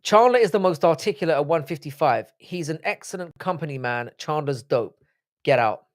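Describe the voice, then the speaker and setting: A young man hosts a casual livestream, ranting and cursing in a riled-up way. His voice sits a touch higher than most men's. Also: animated, normal speed. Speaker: livestream host. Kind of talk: live-stream chat reading comments.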